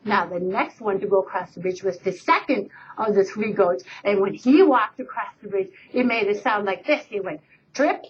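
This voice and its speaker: A woman teacher telling a fairy tale to her class in a lively storytelling manner, on a dull webcam recording. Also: mid-range voice, moderate pace, a little hiss or hum. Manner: lively storyteller, voices for effect.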